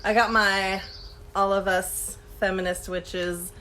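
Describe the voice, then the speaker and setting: A woman co-hosting a relaxed morning chat over a video call, chatty and trailing off. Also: mid-range voice, slow pace. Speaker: co-host of a live chat.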